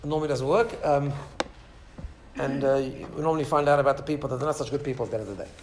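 A man's voice: mid-range voice, very fast, a little hiss or hum. A man teaching a Torah class in an informal way, telling stories with lots of restarts and asides to a small audience. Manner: animated storyteller, many restarts and asides.

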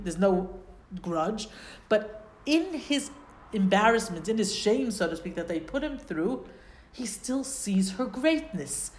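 Woman Torah teacher, middle pitch, explains Hebrew terms, rhetorical style, echoey room. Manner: explains Hebrew phrases, asks rhetorical questions. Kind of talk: Torah lesson. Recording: roomy echo.

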